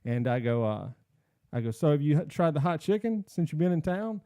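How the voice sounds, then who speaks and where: Dark-voiced man telling a lively story. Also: on the high side, brisk, dry recording, clean studio sound. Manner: animated storyteller acting out quotes. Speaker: podcast host. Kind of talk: casual storytelling chat.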